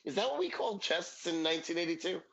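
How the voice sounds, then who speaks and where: A man's voice: high-pitched, lively intonation, fast talker, gravelly, fairly bright tone, slightly rough, lo-fi sound. A man co-hosting a podcast, recapping a sitcom episode in casual chat, joking and swearing as he acts out quotes. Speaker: podcast co-host.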